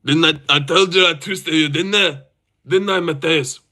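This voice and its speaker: A man's voice: on the high side, normal speed, sharp tone. A man putting on a Scottish accent to voice a boastful man gloating over a grappler. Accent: put-on Scottish.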